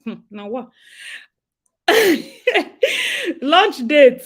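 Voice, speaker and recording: Animated Nigerian woman from Rivers State. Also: sits high, very slow. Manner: animated, laughing often, mixing in pidgin. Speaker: host. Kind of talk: casual live chat.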